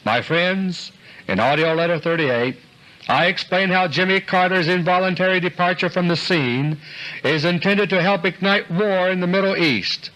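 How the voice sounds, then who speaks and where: A man reading a scripted political commentary in a grave, deliberate manner, dropping low at the ends of his sentences. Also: sharp tone, poor audio. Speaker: commentator delivering an audio newsletter.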